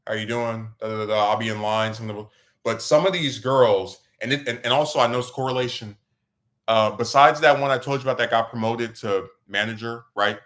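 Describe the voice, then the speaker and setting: Here a podcast host talks fairly quickly at medium pitch, telling a meandering story in relaxed chat. When he gets fired up, his voice shoots higher, keeping the whole thing animated.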